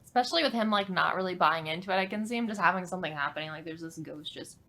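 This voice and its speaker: A woman co-hosting a podcast in casual chat, animated and laughing a lot. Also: fairly low pitch, very fast. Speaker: podcast co-host.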